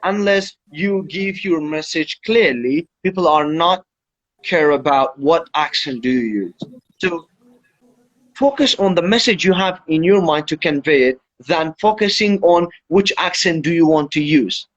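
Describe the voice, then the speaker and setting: A man's voice: fairly high pitch, expressive, unhurried. Man teaching English on a lo-fi live stream. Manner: explains step by step, instructive. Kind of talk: Instagram Live chat. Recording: dull lo-fi livestream audio.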